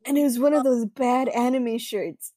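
A woman's voice: fairly high pitch, unhurried, mellow, no room sound. A young woman chatting casually as co-host, teasing and laughing often. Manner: giggly, teasing. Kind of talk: casual chat.

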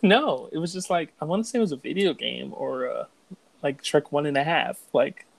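A man's voice: fairly high pitch, normal speed, vocal fry, no echo, low-quality recording. A young man co-hosting a podcast, chatting casually, joking and swearing freely. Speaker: podcast co-host. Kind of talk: casual chat.

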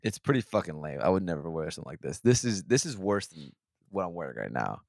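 A man's voice: low-pitched, very animated, fast talker, vocal fry, no room sound, clean studio sound. A man hosting a podcast, telling a rambling, profane story in casual chat. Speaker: podcast host.

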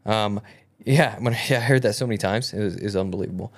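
A woman's voice: rumbling low, quick pace. Rambling, goofy woman podcast host. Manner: goofy, rambling, many fillers and restarts. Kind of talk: casual chat.

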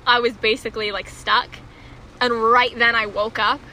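Bright-voiced young woman, chatty. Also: on the high side, moderate pace, slight background noise. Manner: animated reactions, filler-heavy storytelling. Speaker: co-host. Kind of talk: casual chat. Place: Houston, with rain outside.

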